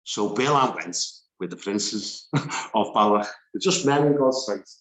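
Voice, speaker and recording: A man teaching a Bible study, animated and laughing between his points as he reads scripture aloud. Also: lowish voice, a little slow, reverberant.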